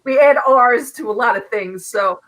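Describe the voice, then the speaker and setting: A woman in her fifties with a Bronx New York accent chats on a livestream. Her voice sits fairly high and sounds bright and forward. She talks in a friendly, chatty way. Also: moderate pace, rough recording. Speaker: teacher. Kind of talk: casual livestream chat.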